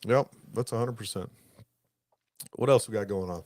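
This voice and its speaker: Here the podcast host's fairly low voice comes at a moderate pace in a dry recording. He's chatting casually and spinning lively stories, performing the dialogue in a raised voice.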